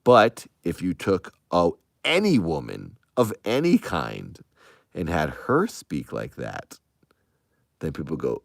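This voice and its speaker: A man with an extremely low, gravelly voice and wildly swooping pitch speaks slowly and casually to his online viewers, answering their comments one by one. He rambles defensively and often restarts sentences, recorded dry and close with no echo or room sound.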